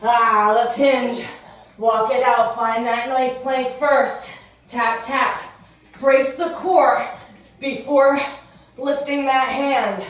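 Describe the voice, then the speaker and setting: A woman instructor coaching a workout, energetic, counting down reps and chatting between moves, out of breath. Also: high voice, extremely slow. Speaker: fitness instructor. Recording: roomy echo, distant mic, music behind.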